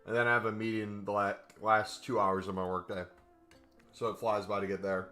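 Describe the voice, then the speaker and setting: A man's voice: lowish voice, level tone, fairly quick, sharp tone, soft background music. A man chatting casually with his stream viewers, rambling with lots of fillers and sometimes talking with food in his mouth. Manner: rambling, filler-heavy, eats while talking. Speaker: gaming streamer.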